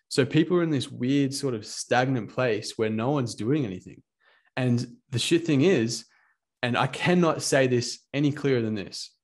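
Aussie guy in his 20s venting, talks rough and swears a lot, fed up. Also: mid-range voice. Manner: frustrated, ranting, swears freely. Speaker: fighter. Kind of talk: casual monologue.

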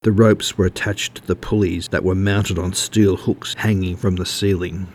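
A man reading a story aloud in steady, measured audiobook narration. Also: sits low, slight background noise.

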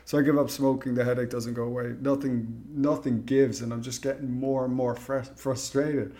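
Male podcast host, mid-pitched, frank and casual, swears freely. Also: little pitch movement, moderate pace, warm tone. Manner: frank and profane. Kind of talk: casual conversation.

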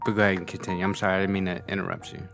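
A soft-spoken man who briefly cuts in during a casual film chat and apologizes. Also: deep voice, little pitch movement, rapid-fire, creaky. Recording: distant from the mic, faint music.

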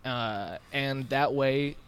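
A man playing a tabletop game over voice chat, speaking in an amused, drawn-out way. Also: mid-range voice, fairly bright tone, smooth. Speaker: player.

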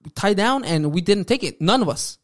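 A man's voice: high-pitched, expressive, brisk. A man co-hosting a casual chat, talking slangy and swearing a lot, dropping Spanish words. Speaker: podcast co-host.

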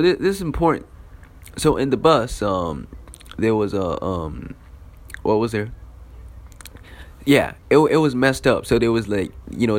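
Young guy, casual profane storyteller, lots of "you know" and "like", swinging pitch. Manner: loose, profane, filler-heavy.

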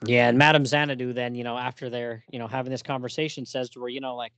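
A man co-hosting a casual comic book podcast, relaxed and full of fillers, often laughing. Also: mid-range voice, fast talker, few pauses, no room sound, highs cut off. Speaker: podcast co-host.

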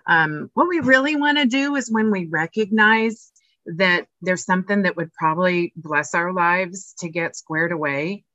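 A woman co-hosting a podcast, chatting casually and acting out her inner voices in an animated way. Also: on the low side, unhurried, no room sound. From Oregon, US. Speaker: podcast co-host, nonprofit executive director. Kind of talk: casual conversation. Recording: dull, lo-fi sound.

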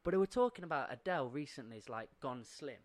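A man, co-hosting a casual podcast, telling animated stories, acting out quotes and laughing often. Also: medium pitch, fast. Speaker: podcast co-host.

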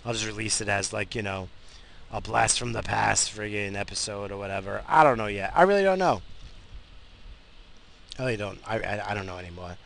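A tired man rambles through a casual monologue from his car as host of his own show. His voice is gravelly and fry-laden, yet bright and forceful in tone, and he restarts sentences often. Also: on the low side, fairly quick. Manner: rambling, with frequent restarts and fillers. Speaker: podcast host. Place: in a car, driving.

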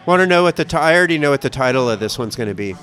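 A man's voice: medium pitch, lively intonation, very fast, fairly bright tone. A man from the American Midwest, co-hosting a casual podcast chat and telling long, rambling stories full of swearing. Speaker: podcast co-host.

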